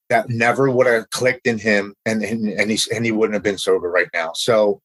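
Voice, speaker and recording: A middle-aged American man appears as a podcast guest, animatedly telling his recovery story and voicing the people he quotes. His pitch is fairly low, and the recording is dry and low in quality.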